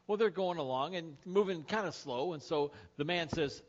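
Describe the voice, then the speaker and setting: A man's voice: a little high, normal speed, hardly any pauses. A male pastor giving a sermon, opening with a told joke and acting out the lines of the characters. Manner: storytelling, acts out shouts in the joke. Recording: lo-fi sermon podcast audio.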